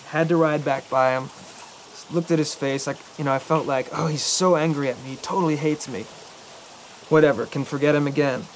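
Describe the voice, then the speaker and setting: A young man in a film telling a rambling anecdote to a friend, halting and correcting himself as he goes. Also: on the high side, slight background noise, natural voice, poor audio. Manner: halting, hesitant, self-correcting.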